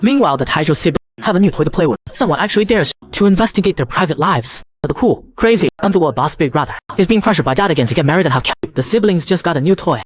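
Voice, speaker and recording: A man narrating a comic story recap in a brisk, breezy scripted style. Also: fairly high pitch, expressive, husky.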